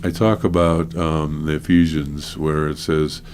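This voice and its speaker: A man speaking as a guest minister in an interview, earnest and halting, with many fillers. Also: rumbling low, flat delivery, darkish tone, a little hiss or hum. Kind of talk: conversational interview.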